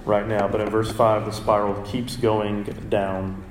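An earnest male pastor, preaching in a roomy sanctuary. His voice sits a little low, and he reads scripture slowly with deliberate pauses. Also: flat delivery, slight background noise. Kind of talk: sermon.

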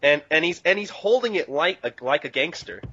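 A young man co-hosting a casual podcast, recapping a manga with excited, restarting talk. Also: a little high, brisk, slightly rough, dull audio. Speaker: podcast co-host.

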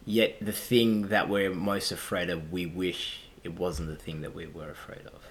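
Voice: low voice, steady tone, normal speed, a little hiss or hum. A co-host from Australia on a casual podcast, playful and teasing, drifting into sing-song. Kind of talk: casual chat.

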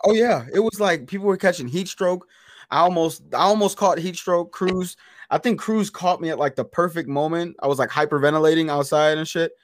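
A man co-hosting a podcast, telling stories in a loud, profane, animated way, full of slang and swearing. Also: fairly high pitch, fairly quick. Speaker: podcast co-host. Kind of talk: casual chat.

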